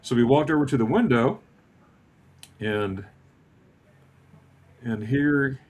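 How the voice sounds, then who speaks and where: A man in his fifties telling a casual travel story on a video call, acting out the dialogue as he goes. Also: slow pace. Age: 50s. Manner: animated, acts out dialogue with lively pitch swings.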